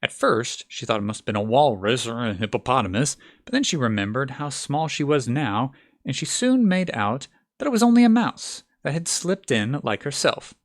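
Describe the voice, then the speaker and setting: A man's voice: medium pitch, sing-song, normal speed. A man narrating an amateur audiobook reading, reading for the first time with stumbles and restarts.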